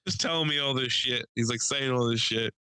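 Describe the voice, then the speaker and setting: Young American male podcast host, bright and crisp, dry mic, loose swearing storyteller. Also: medium pitch, brisk, no room sound, low-quality recording. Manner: animated, swearing, laughing storyteller doing voices. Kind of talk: casual storytelling chat.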